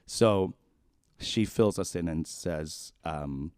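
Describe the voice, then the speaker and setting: A man's voice: sits low, takes it slowly, smooth, no echo, studio quality. A man around forty co-hosting a podcast, telling a personal story in a rambling, casual way full of "like". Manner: rambling, heavy use of "like", animated, then quiet and shaken. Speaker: podcast co-host.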